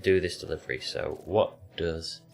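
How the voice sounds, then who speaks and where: Deep-voiced gaming streamer. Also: male voice, moderate pace, vocal fry, soft background music. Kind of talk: casual commentary while playing.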